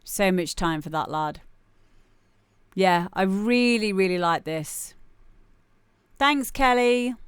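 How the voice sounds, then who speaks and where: A chatty young woman hosts a music stream, her voice smooth and clear at a middle pitch. She talks casually and jokes with her listeners, now and then breaking into a loud shout. The sound is dry and close, with no room around her. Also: animated, takes it slowly, pauses often, dry recording. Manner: chatty, jokey, bursts into loud shouts when mimicking. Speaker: radio show host playing listener demos. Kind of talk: casual live-stream chat.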